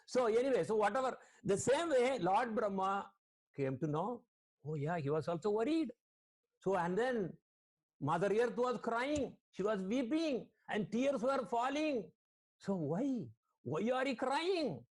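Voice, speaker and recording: A man's voice: sits high, expressive, a little slow, a little mellow. A man, a spiritual teacher, giving an online sermon over a video call, quoting Sanskrit verses and questioning his listeners.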